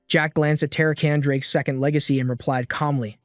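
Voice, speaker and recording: A man reading a story recap as scripted narration, in a steady, even storytelling manner. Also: on the high side, a little fast, few pauses, no echo, studio quality, faint music behind.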